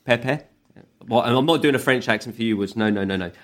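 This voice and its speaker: A man's voice: lowish voice, fast talker. A man co-hosting a casual football podcast, easygoing and rambling, with a lot of ums and the odd swear. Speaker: podcast co-host.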